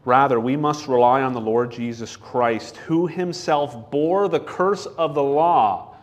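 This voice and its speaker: Reading scripture slowly and deliberately, a medium-pitched man preaches a sermon, posing questions and answering them himself.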